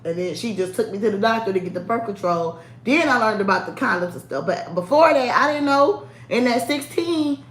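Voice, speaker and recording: A woman's voice: fairly high pitch, expressive, brisk, few pauses, fairly bright tone, a little hiss or hum. A woman chatting casually to camera, sassy and candid, laughing often. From United States. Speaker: vlogger. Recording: echoey room.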